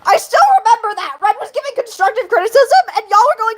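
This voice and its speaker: A young woman livestreaming in casual chat, excitable and laughing, playfully scolding her viewers. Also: very high voice, fast, few pauses, poor audio.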